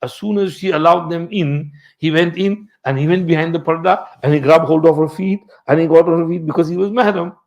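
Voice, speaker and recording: Brief: male religious teacher, storytelling lesson, fairly high voice. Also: a little fast, gravelly, hardly any pauses. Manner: storytelling, mixing in Urdu and Arabic terms. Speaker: Islamic teacher. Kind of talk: Quran commentary lesson.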